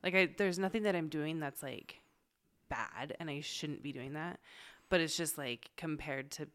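A woman's voice: low voice, normal speed, a bit bright. A woman who is a mother, talking candidly and chattily about her faith, full of casual fillers. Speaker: mother of a young child.

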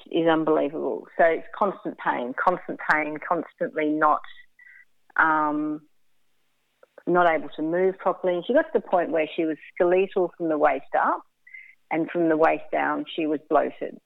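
A woman with a low, gravelly voice speaks frankly and bluntly, often halting and restarting mid-sentence. She comes through a thin, phone-like line with a dry, close sound. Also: no room sound. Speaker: interview guest. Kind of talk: candid emotional storytelling.

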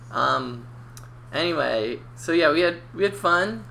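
Male podcast co-host, bright tone, rambling and easygoing, light background noise. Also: fairly high pitch, animated, gravelly. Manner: loose, rambling, quick to laugh. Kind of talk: casual chat.

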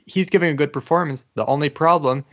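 A man's voice: on the high side, quick pace, muffled recording. A man on a film podcast panel, chatting casually and making dry, wry remarks. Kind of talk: casual chat.

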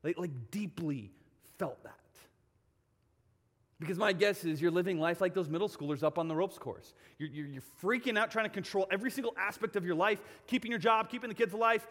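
A man's voice: high voice, brisk, a bit bright, long reverb tail. A male pastor preaching a sermon in a church, telling stories and repeating phrases for emphasis.

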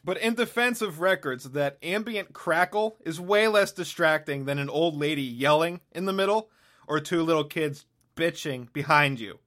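At normal speed, a podcast host talks in a voice on the high side with a fairly bright tone. His solo comedy bit is sardonic and wandering, and he keeps cutting himself off partway through thoughts.

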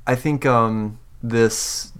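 A man narrating a tabletop role-playing game as game master, halting often with fillers as he describes scenes and speaks for characters. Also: medium pitch, steady tone, fairly bright tone, clean tone.

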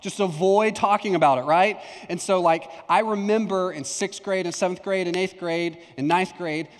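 A man's voice: high voice, fairly even intonation, moderate pace. A young adult male pastor from Texas preaching a conversational sermon, telling a personal story and acting out remembered lines. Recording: long hall reverb.

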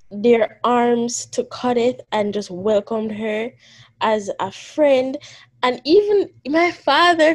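A young woman co-hosting a casual podcast chat. She talks in an animated, teasing way and laughs often. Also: high-pitched. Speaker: podcast co-host.

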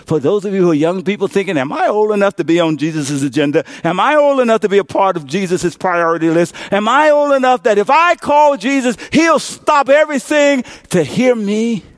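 A man in his fifties preaching a sermon as pastor, building to shouted call-and-response. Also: high voice, animated, a little fast, few pauses, dry recording. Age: 50s.

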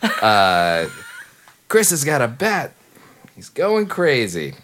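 A man's voice: medium pitch, huge pitch swings, slow pace, fairly bright tone, slight background noise. A man co-hosting a podcast in casual chat, rambling and trailing off between jokes. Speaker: podcast co-host.

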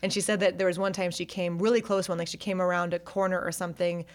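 A woman's voice: fairly low pitch, fast talker. A woman casually telling a story in conversation, acting out people's lines as she goes. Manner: animated storytelling, acts out voices in quotes. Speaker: podcast co-host telling a story. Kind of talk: casual chat.

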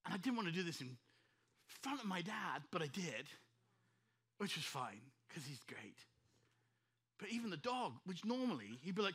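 A middle-aged English man, a pastor, preaching a sermon with emotional, animated storytelling to his congregation. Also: high-pitched, normal speed, pauses often, slightly rough.

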